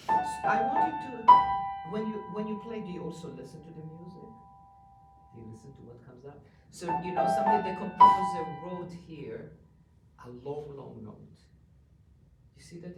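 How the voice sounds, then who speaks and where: A woman's voice: low-pitched, vocal fry. Encouraging woman piano teacher, distant and roomy. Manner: encouraging, repeats short praise. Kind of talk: hands-on music coaching. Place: room with a piano.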